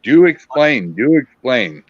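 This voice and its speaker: Podcast cohost guy, slow joking stories, dry muffled lo-fi sound. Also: mid-range voice, big pitch swings, dry recording. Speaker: podcast co-host. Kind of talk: casual podcast chat.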